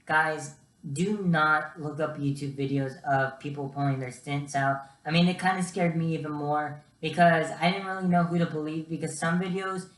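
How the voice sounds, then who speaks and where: A man's voice: on the high side, steady tone, moderate pace, fairly bright tone. Chatty young man in an echoey room. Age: young adult. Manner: chatty, keeps addressing viewers as guys. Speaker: vlogger. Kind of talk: casual storytelling vlog.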